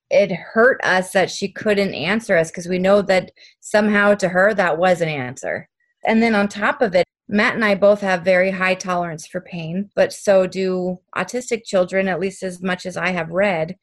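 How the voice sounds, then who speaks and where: A young woman, a parent, telling detailed stories in an earnest way during an interview. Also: on the low side. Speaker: parent of an autistic child. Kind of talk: interview conversation.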